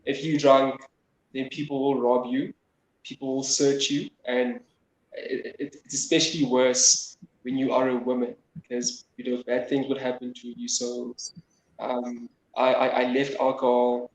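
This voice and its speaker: A man with a South African accent speaking in a measured way as a co-host guest, often repeating words while thinking. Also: medium pitch, little pitch movement. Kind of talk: reflective personal talk. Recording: roomy call audio with faint noise.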